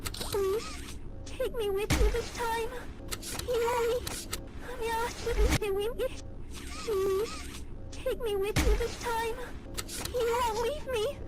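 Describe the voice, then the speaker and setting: A woman's voice: very high-pitched, takes it slowly, pauses often, loud music behind the voice. A woman voicing a clingy, affectionate female teddy bear who pleads not to be left. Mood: pleading. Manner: sweet, pleading, needy. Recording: loud background noise.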